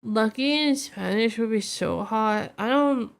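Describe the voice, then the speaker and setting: A woman's voice: fairly high pitch, measured pace, vocal fry. A woman streamer chatting casually, a little tipsy, rambling and reacting to her chat.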